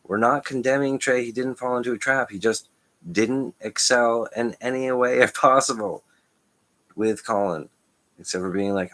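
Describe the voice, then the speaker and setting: A man talking in a loose, rambling monologue, jumping between ideas with restarts and quick chuckles. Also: medium pitch, fairly bright tone. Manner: stream-of-consciousness, restarts, frequent chuckles. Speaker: channel host.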